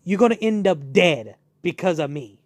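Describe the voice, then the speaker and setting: Excitable young man reviewing a show. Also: high-pitched, normal speed, dry recording, clean studio sound. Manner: excitable, animated, many fillers and re-enacted quotes. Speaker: channel host reviewing a show. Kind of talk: casual review chat.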